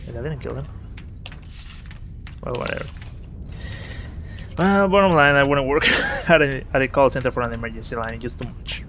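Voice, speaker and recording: A man giving casual let's-play commentary, telling a story in a halting, rambling way with many restarts. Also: mid-range voice. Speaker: gaming video host. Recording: steady game noise behind voice. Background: video game sounds.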